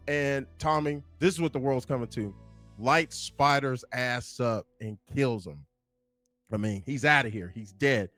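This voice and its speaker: A man from Kansas giving a casual, animated film commentary, swearing freely and acting out the lines he quotes. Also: on the high side, moderate pace, faint music behind. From Kansas, USA. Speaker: movie review YouTuber.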